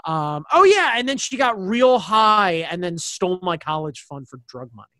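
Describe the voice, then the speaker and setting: A man's voice: high voice, big pitch swings, normal speed, sharp tone, no echo. A man from suburban Baltimore County telling a personal story in casual chat, rambling with lots of fillers and blunt swearing. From suburbs of Baltimore County, Maryland.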